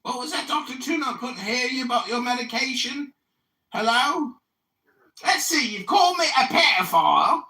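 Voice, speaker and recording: A man in his forties hosting a livestream, shouting and mocking the other speaker with profanity. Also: very high voice, lively intonation, moderate pace. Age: 40s. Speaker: livestream host, political candidate. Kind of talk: heated livestream argument. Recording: roomy echo, distant from the mic.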